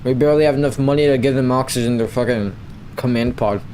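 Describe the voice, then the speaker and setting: A man's voice: mid-range voice, quick pace, slight background noise. Young man joking through gameplay. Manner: rambling, playful, bursts of excitement. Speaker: gamer.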